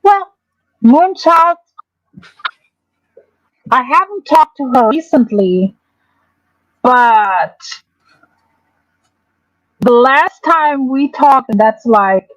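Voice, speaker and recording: A woman hosting a casual livestream, talking in a halting, hesitant way with many restarts. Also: high voice, expressive, dry recording, poor audio.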